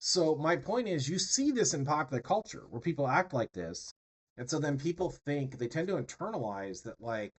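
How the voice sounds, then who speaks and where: A man's voice: fairly high pitch, big pitch swings, normal speed, poor audio. A man lecturing a class in a loose, conversational way, peppered with fillers and tag questions. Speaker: instructor.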